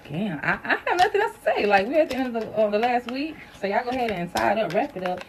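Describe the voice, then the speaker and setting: A woman reading tarot cards for her viewers in a casual, chatty way, blunt and ready to cuss when she vents. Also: background noise. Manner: chatty and blunt, cusses while venting, animated rises in pitch. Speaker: tarot reader.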